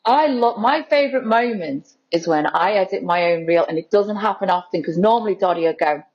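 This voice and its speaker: A woman guest in a casual interview, telling stories in an animated, excited way. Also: medium pitch, a little fast, lo-fi sound. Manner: animated, excited storytelling with quoted voices. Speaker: guest, content creator.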